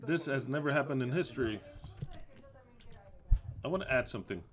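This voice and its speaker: A man's voice: medium pitch, animated, a little fast, long pauses, a bit bright. A man giving a live spoken interpretation of a sermon talk, agitated and emphatic, cursing and repeating himself. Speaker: interpreter voicing the preacher.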